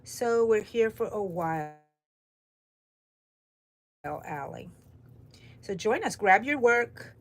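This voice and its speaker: A middle-aged woman hosts a crochet livestream from home on an overcast morning, rambling and greeting viewers by name in chatty talk. Her medium-pitched voice is expressive and slow, broken by long pauses.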